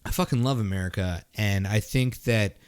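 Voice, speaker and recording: A man's voice: lowish voice, moderate pace, clear, resonant tone. Profane rambling man from Montreal. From Canada (Montreal). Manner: profane, rambling, with frequent restarts and "like" fillers. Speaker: podcast host. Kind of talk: casual storytelling chat.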